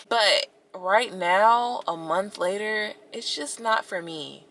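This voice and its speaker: A young woman telling her breakup story and giving advice in a casual, expressive vlog, talking straight to viewers with lots of "like"s. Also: mid-range voice, takes it slowly. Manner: expressive, talks to viewers directly, many "like"s. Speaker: vlogger.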